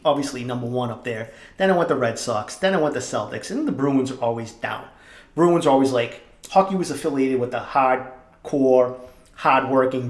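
A young man, hosting a podcast and telling stories in an animated, profane, jokey way. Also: medium pitch, roomy sound. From Boston area. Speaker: podcast host. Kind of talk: casual storytelling monologue.

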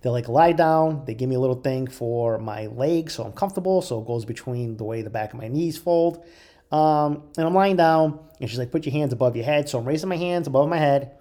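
Fast-talking profane man telling a story. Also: mid-range voice. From Italian heritage, US. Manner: profane, animated, quotes others in voices. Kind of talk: casual storytelling monologue.

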